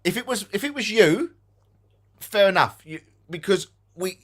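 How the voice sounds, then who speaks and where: Animated Essex man arguing on a livestream. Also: high voice, normal speed. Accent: Essex English. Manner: animated, argumentative, swears casually. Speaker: ghost hunting show co-host. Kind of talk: casual live-stream chat.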